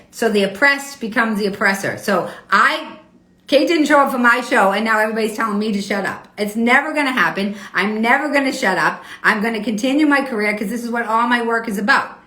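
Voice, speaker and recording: A woman's voice: on the high side, sharp tone. A woman hosting a live online talk show, arguing with her viewers in a confrontational, profane, indignant way. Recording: roomy echo.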